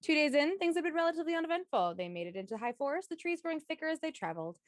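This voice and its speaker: A woman's voice: high voice, big pitch swings, very fast, no room sound, clean studio sound. A woman in a tabletop game stream reading an upbeat recap of the last session, now and then stumbling and correcting herself. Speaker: player giving the session recap.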